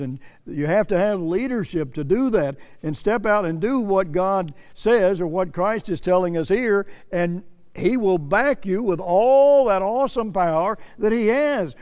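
A man's voice: high-pitched, darkish tone, clean tone. Earnest preacher man in a reverberant hall. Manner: earnest, repeats himself, raises voice when quoting scripture. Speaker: pastor. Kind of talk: sermon.

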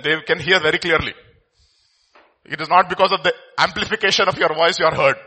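An Indian preacher delivers a sermon in a bright, slightly raised voice with a husky edge, sitting on the high side. He alternates loud, emphatic bursts with hushed, confiding asides and hits key words hard.

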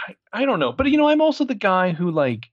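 A man's voice: high voice, huge pitch swings, quick pace, no room sound, highs cut off. A man co-hosting a podcast, chatting casually and sarcastically about a film, swearing and laughing often. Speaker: podcast co-host. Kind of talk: casual movie review chat.

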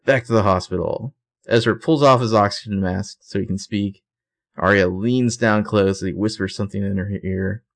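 A man with a lowish voice talks at a moderate pace. He co-hosts a podcast and casually retells a TV episode scene by scene, leaning on fillers and self-corrections.

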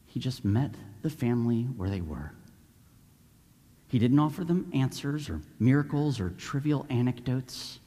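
A man preaching a sermon in an animated way, acting out the voices of the people in the story. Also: medium pitch, a little slow, in a large hall. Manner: animated, acts out voices of Bible figures.

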